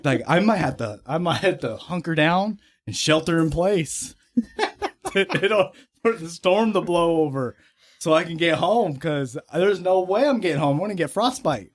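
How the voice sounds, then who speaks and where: A man's voice: a little high, lively intonation, measured pace. A young man, a podcast guest, telling casual stories, swearing freely and laughing as he talks. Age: young adult. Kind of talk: casual storytelling.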